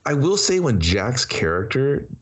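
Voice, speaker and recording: A man's voice: mid-range voice, big pitch swings, a little slow, breathy edge. A man co-hosting a movie review podcast, talking in a loose, rambling, laid-back way. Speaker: podcast co-host. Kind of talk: casual movie review chat.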